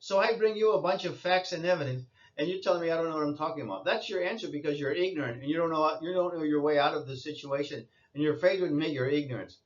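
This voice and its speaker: A man's voice: on the high side, quick pace, few pauses, highs cut off. A man giving an insistent lecturing monologue, repeating his points and scolding listeners. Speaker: commentator.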